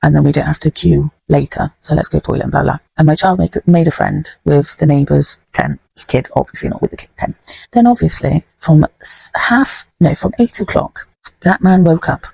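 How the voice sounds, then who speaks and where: A woman's voice: deep voice, normal speed, gravelly, dark tone, husky, low-quality recording. A woman hosting a podcast, telling a story in a blunt, heated way and swearing freely. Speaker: podcast host. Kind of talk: casual storytelling.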